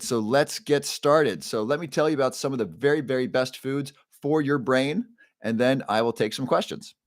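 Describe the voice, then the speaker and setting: A neuroscientist hosts a casual live stream, upbeat and greeting viewers by name while often restarting his sentences. His voice is medium-pitched, recorded dry with studio quality.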